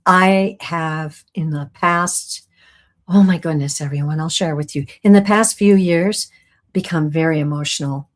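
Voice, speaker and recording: A middle-aged woman leading a live online class as a psychic medium, speaking in a slightly low but lively voice. She talks earnestly and rambles a little, with soft laughs, as she reads out viewer comments over a stream mic. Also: unhurried.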